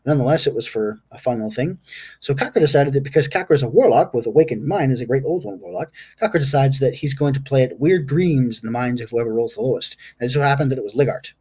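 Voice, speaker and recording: A man's voice: medium pitch, fast, dark tone, breathy edge. A man game master giving a casual, rambling recap of his tabletop session, stopping now and then to recall names aloud.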